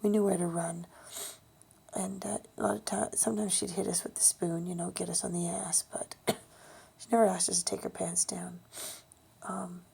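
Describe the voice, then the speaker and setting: A woman with a breathy, gravelly voice recounts a personal memory, often sinking to a near whisper. Her tone is mellow and dark, and she speaks haltingly, with ums and restarts. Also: on the low side, level tone. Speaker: storyteller sharing a personal memory. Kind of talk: personal storytelling monologue.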